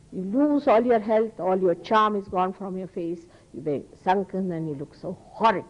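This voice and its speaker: An Indian-accented woman delivers a spiritual lecture in a mid-range voice. She speaks earnestly and emphatically, leaning into moral points and pausing to restart her thoughts. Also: mid-range voice, highs cut off. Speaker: spiritual teacher.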